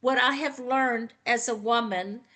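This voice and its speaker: A woman's voice: fairly high pitch, measured pace, sharp tone. A woman with a Southern American accent, speaking as a guest on a video call panel, gracious and effusive, with a drawl. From Southern United States. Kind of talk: slow, folksy online panel talk.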